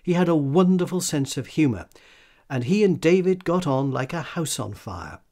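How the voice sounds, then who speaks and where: A male radio presenter reading a scripted, fond tribute in a measured, even delivery. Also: a little high.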